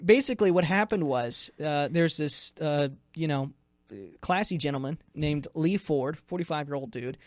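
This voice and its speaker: A man's voice: on the high side, moderate pace, dry recording. A man co-hosting a radio podcast, telling a news story in a rambling, jokey way, sounding tired. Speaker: news director, co-host.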